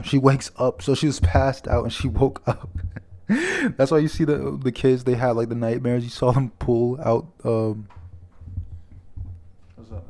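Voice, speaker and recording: A man's voice: mid-range voice, animated, measured pace, darkish tone. A man casually reviewing a manga chapter, rambling with lots of fillers and stopping to reread lines. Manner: rambling, many fillers, reads quotes aloud, stumbles and restarts.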